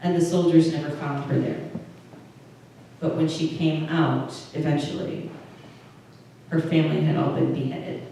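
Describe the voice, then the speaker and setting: A woman's voice: sits low, level tone, measured pace, vocal fry, long pauses, dark tone. A woman pastor giving a conversational sermon, often stopping and restarting her phrases. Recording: distant mic in a very echoey room with faint noise.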